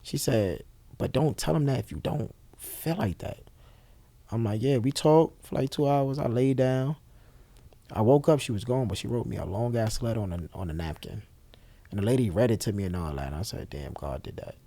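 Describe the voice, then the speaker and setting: In an interview, a young male guest gives a candid, no-holds-barred account of his own experience, profanity included, acting out lines with rapid voice changes. He has a mid-range, expressive voice with vocal fry and a warm tone, with no echo.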